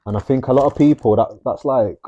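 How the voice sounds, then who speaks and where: A man's voice: medium pitch, a little fast, warm tone, dull audio, a little hiss or hum. A young man, co-hosting a podcast in easygoing, dry casual chat. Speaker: podcast co-host.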